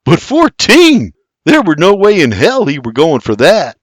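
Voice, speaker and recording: An eager young farmhand who whoops and gushes, voiced by a man in an audiobook. He is pitched noticeably higher than a grown man's talk and leaps about in tone. The sound is dry and close. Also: wildly swooping pitch, measured pace, no echo, heavily acted. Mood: excited.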